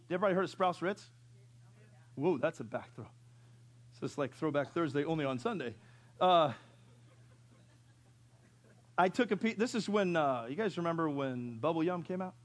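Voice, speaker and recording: A man in his fifties preaching a sermon, who tells funny stories and asks the congregation questions. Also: on the high side. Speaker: pastor.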